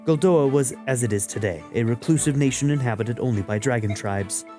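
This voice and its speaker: A man's voice: medium pitch, a little fast, warm tone, soft background music, natural voice. A man voicing an aloof, scornful female cat-beast warrior in a video game let's play, talking dry and scoffing.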